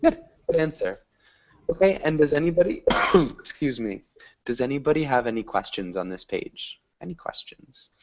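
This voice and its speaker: A man leads an English lesson over a video call, his voice rising and falling in a very lively way. He keeps praising and encouraging his students. The audio is dull and lo-fi. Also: mid-range voice, moderate pace. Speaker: English teacher. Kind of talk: online language class.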